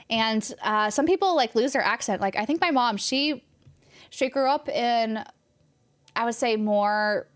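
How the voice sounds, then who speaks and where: Chatting on a game stream, this young woman from California has a light local accent and a fairly high-pitched voice. She answers her chat casually, rambling and laughing as she goes.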